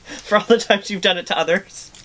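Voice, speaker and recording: A man's voice: high voice, brisk, noisy background. A man co-hosting a casual podcast chat, laughing often and answering in an easygoing way. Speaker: podcast co-host.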